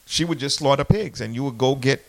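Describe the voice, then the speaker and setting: A man's voice: mid-range voice, brisk. A man from Trinidad telling stories in a laid-back casual chat, often asking "right?" in a basement. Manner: laid-back storytelling, says "bruh" and "right?". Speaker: podcast guest.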